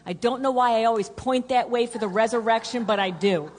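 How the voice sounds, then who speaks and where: Woman pastor, sermon delivery, earnest repeating cadence with hushed drops, lingering hall echo. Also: fairly high pitch, a little fast. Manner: earnest, repetitive preaching cadence that drops to a hush for emphasis. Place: church sanctuary. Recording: long hall reverb.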